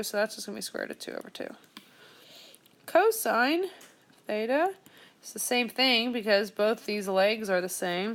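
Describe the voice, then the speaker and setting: A young woman teaching a math lesson, talking through each step as she works problems aloud. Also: on the high side. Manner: steady step-by-step explaining, thinking aloud. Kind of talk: screen-recorded math lesson.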